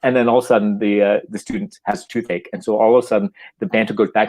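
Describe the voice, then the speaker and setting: A man, a playwright guest in a casual chat, telling stories animatedly, often halting and repeating words and acting out what people say. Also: on the low side, rough recording. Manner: animated storytelling, acting out quoted lines.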